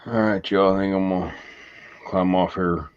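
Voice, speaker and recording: A man's voice: low voice, steady tone, normal speed, clear, resonant tone. A man telling a rambling story in casual chat, laughing at his own punchlines. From southern US. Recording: muffled lo-fi audio.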